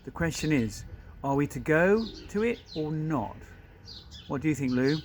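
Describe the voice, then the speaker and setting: A man's voice: fairly high pitch, lively intonation, moderate pace, a little hiss or hum, lightly acted. A man voicing a sensible, take-charge young boy while reading a storybook aloud. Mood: decisive. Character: brave sensible young boy, eldest brother.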